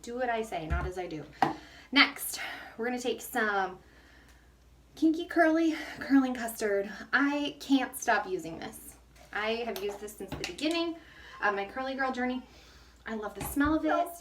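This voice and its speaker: A woman's voice: fairly high pitch, lively intonation, moderate pace, fairly bright tone, slight background noise. Chatty breathless woman in an echoey bathroom. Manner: chatty and self-mocking, laughs often. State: out of breath from the heat. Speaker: hair care vlogger. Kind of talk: casual hair tutorial. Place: hot bathroom. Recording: echoey bathroom, mic at a distance.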